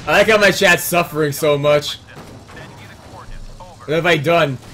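A young man streaming a video game, joking loudly and swearing at his chat. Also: a little high, takes it slowly, a little hiss or hum. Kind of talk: casual profane let's-play commentary.

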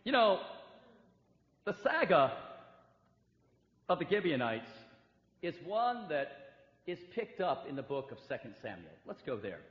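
A man's voice: a little high, very animated, measured pace, long pauses. A man preaching a sermon in a large church hall, emphatic, acting out the voices of hurt believers. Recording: echoey hall, dull lo-fi sound.

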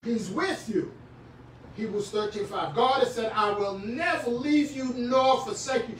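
A male preacher giving a sermon, moving from quiet talk to fervent shouting and often repeating words as he speaks. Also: sits high, lively intonation, a little slow, distant mic, slight background noise. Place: church sanctuary. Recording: very echoey church from afar.

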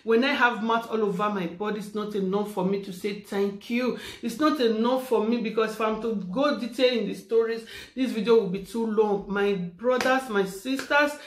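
In an echoey room, a female vlogger talks with fervor in her birthday video, praying aloud and repeating herself. Her voice is a little high and moderately paced, with hardly any pauses.

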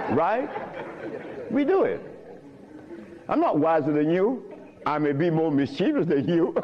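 Animated, chuckling man lecturing. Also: high-pitched, highs cut off. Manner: chuckling, emphatic, nonstandard grammar.

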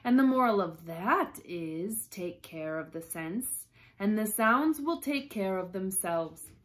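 A woman voicing a preachy old duchess in a storybook read-aloud, moralizing in a slow sing-song. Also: mid-range voice, animated.

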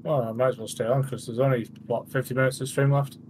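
Matter of fact guy chatting in a game, middle pitch, bit of noise. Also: little pitch movement, fast. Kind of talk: casual gaming chat.

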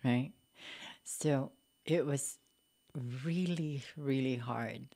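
Filipino lady on a podcast, super low voice for a woman, chatty and open, lots of "like, you know". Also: very slow, warm tone. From Philippines. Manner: candid and reflective, frequent "like, you know", laughs often. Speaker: podcast guest. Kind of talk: casual interview conversation.

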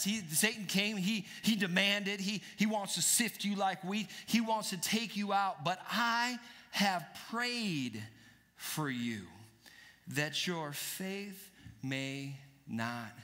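Animated preacher, high bright voice. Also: male voice. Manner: animated, asks the congregation questions. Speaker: pastor. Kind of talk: sermon. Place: church sanctuary. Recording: church hall reverb.

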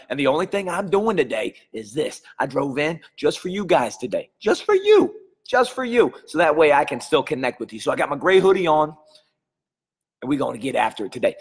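A man's voice: on the high side, husky, in a large hall. A man hosting a live stream as a coach, chatting energetically and greeting viewers by name while a little under the weather.

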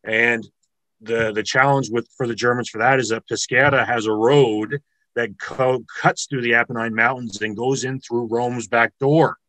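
A man's voice: mid-range voice, steady tone, moderate pace, fairly bright tone, dry recording, rough recording. A man giving an online military history lecture over a video call, explaining step by step with fillers and restarts.

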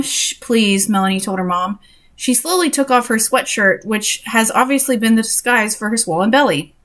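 A woman's voice: a little high, fairly bright tone. Sarcastic woman reading a story aloud. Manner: sarcastic and exasperated. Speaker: reader and commentator.

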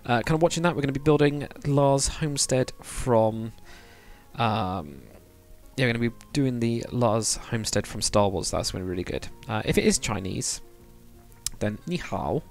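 A man's voice: medium pitch, normal speed, creaky, a little mellow, faint music behind. A man chatting casually and rambling to viewers on a live stream, with many fillers. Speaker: live streamer, game builder.

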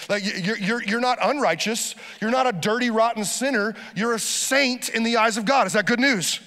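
A pastor delivering a lively sermon, urging the congregation to repeat phrases after him. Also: male voice, high voice, in a large hall.

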